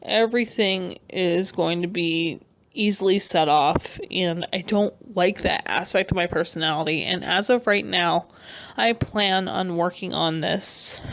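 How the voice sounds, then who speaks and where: Woman with a gravelly vocal fry. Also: lowish voice, a bit bright. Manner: earnest, halting and emotional, with frequent restarts. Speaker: artist vlogger. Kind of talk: personal rant over a speed paint.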